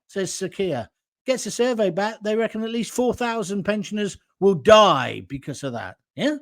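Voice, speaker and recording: Middle-aged guy ranting, mocking and sarcastic, high voice jumping all over. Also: sing-song, a little slow. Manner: slips into mocking impressions. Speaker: online political commentator. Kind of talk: ranting political monologue.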